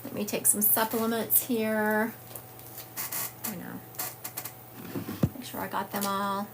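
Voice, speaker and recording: Slow and creaky, this medium-pitched voice barely moves in pitch, with a little hiss or hum on the phone or webcam stream. The speaker is a psychic medium from the US South who hosts a livestream, casually chatting and reading viewer comments aloud with frequent fillers.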